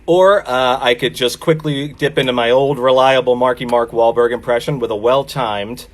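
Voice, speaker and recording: Self-deprecating comic with many fillers. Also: male voice, medium pitch, fairly even intonation, normal speed, few pauses. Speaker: stand-up comic. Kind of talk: open mic stand-up. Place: home, virtual open mic.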